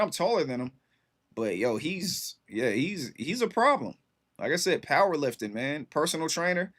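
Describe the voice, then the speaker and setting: Laid-back man chatting on a stream. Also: mid-range voice. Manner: laid-back, rambling, lots of fillers and slang. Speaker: livestream host. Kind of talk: casual chat with viewers.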